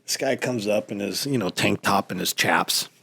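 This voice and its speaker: A middle-aged American man telling stories in a casual chat, animated and mimicking other people's voices. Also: on the low side, moderate pace, gravelly, husky, no echo. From United States. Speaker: podcast guest.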